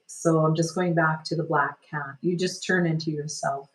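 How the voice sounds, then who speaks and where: Guiding a healing session, a woman energy healer speaks gently and soothingly, meandering through many "like"s and "sort of"s. Her voice is low-pitched, and the recording is low quality.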